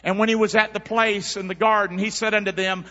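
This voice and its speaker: A man preaching a sermon, calling on the congregation to answer back and swinging between loud and hushed. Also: high voice, level tone, a little fast. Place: church. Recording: dull sound with long church reverb.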